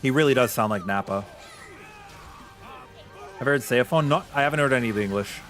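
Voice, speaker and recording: A man's voice: mid-range voice, fairly quick, a bit bright, faint music behind. A man streaming a video game, chatting casually with his viewers and sharing blunt opinions. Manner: chatty and opinionated, reacting to chat. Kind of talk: casual live-stream chat.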